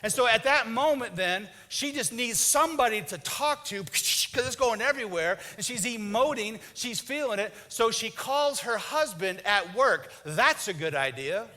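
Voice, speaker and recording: Animated pastor preaching in a bright voice. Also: male voice, normal speed, hardly any pauses. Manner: animated, acts out husband and wife in lowered voices. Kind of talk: sermon with acted-out marriage stories.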